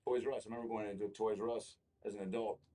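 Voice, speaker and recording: A man's voice: fairly low pitch, very fast. A man, a comedian and actor, telling rambling, profane stories as an interview guest. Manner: rambling, profane, animated storyteller. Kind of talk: casual interview storytelling.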